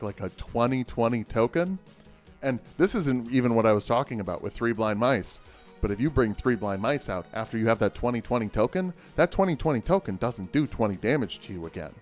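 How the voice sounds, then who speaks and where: A man casually walking through the cards of a deck, joking and going off on rambling asides, with faint music behind him. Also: medium pitch. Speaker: deck tech host. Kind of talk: casual card game deck review.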